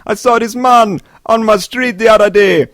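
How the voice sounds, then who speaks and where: A man doing a high, loud put-on Jamaican accent as an exasperated man scolding a neighbor. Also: normal speed, no echo, clean studio sound.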